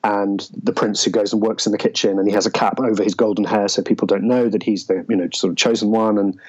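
Guest, male, low-ish voice, thoughtful storytelling, searches for words; dull lo-fi sound. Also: steady tone, breathy edge. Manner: halting, searching for words, many restarts. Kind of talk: reflective storytelling in conversation.

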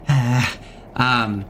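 A man's voice: medium pitch, pushed and bright. A man running a tabletop game as game master, explaining rules and lore with many hesitant fillers.

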